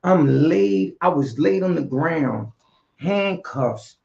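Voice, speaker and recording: Gravelly man. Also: fairly high pitch, takes it slowly. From Philadelphia. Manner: animated, streetwise, peppered with slang and "you know what I'm saying". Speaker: guest. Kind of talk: casual storytelling interview. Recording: dull lo-fi audio.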